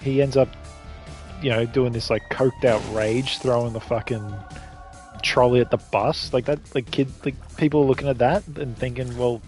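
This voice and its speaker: A man's voice: medium pitch, steady tone, normal speed, darkish tone, soft background music. A man with an Australian accent chatting casually while streaming a game, rambling from point to point and swearing freely. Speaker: gaming streamer.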